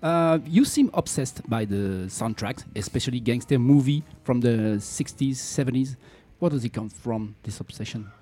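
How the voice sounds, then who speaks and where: A man with a French accent hosting an interview, playful and quick to laugh, sometimes stumbling over his words. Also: medium pitch, mellow. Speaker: interviewer, host.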